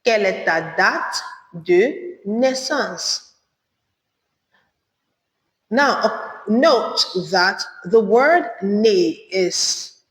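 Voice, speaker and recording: Slow, careful woman teaching French. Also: medium pitch. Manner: slow, careful repetition of phrases. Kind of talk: beginner language lesson. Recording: echoey room with long reverb.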